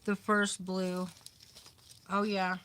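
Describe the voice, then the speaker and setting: A woman's voice: mid-range voice, flat delivery, drawn-out words, fairly bright tone, a little hiss or hum. A middle-aged woman hosting a crafting livestream, chatting casually and talking to herself as she works. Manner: chatty, talks to herself while working. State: overheated, having a hot flash.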